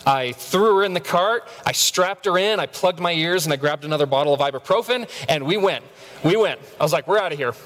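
A man's voice: on the high side, animated, a little fast, fairly bright tone. A man in his thirties preaching a sermon, telling stories with self-mocking humor and stammered repeats. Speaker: pastor. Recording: long reverb of a large hall.

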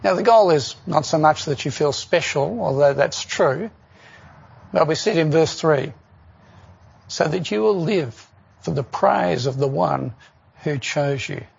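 A man's voice: fairly high pitch, unhurried, creaky, husky, lo-fi sound. A man preaching a sermon in an earnest way, often asking the listeners rhetorical questions.

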